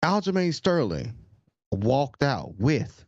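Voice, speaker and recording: A man's voice: medium pitch, big pitch swings, slow, dry recording, dull audio. A man co-hosting a podcast in casual sports chat, laid-back and slangy, often restarting his sentences. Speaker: podcast co-host.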